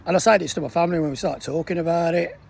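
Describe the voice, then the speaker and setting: Gravelly man in his sixties. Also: a little high, very fast. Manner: lively storyteller acting out the voices of others. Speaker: military veteran. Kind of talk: casual anecdote.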